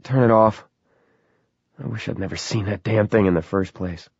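A man's voice: fairly low pitch, normal speed, gravelly, a little mellow, breathy edge, no echo, dull audio. A man doing a tired, shaken grown man. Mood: weary. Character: weary, anxious grown man.

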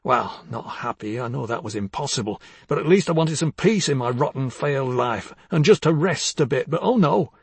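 A man reading the part of a bitter, jealous older husband, accusing and husky, dropping to hushed tones and rising to harsh outbursts. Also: medium pitch, lively intonation, moderate pace, few pauses, dry recording. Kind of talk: dramatic audiobook reading.

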